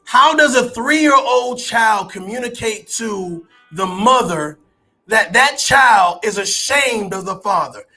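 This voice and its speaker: A man who is a parent, ranting as an online commentator to his audience, profane and incredulous, with bursts of shouting. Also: high-pitched, animated, takes it slowly. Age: adult parent. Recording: faint background music.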